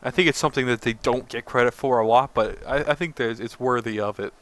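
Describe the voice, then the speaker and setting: A young man co-hosting a podcast, chatting casually about games in a relaxed, rambling way. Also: medium pitch, quick pace. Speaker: podcast co-host. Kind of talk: casual gaming chat.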